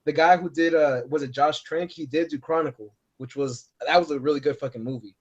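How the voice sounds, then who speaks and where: A man's voice: a little high, fairly quick, husky. A man co-hosting a podcast, telling a long, profane movie rant and acting out the lines he quotes. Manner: profane, rambling, acts out quotes. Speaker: podcast co-host. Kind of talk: casual chat. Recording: dull lo-fi podcast audio.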